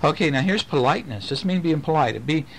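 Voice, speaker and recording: A man, a father, reading a picture book aloud to his children at home, gentle and playful with lively sing-song emphasis. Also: a little high, fast talker, gravelly, slight background noise, poor audio. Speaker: father reading a bedtime story.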